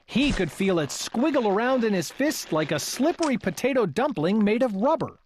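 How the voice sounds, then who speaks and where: Lively woman reading a storybook. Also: a little high, normal speed, slight background noise. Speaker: storybook reader. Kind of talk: reading a children's book aloud.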